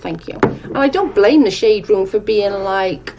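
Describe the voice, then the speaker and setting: A woman's voice: medium pitch, a little slow, dull audio, background noise. A young woman casually chatting on a live stream, reading viewer comments and rambling, with casual swearing.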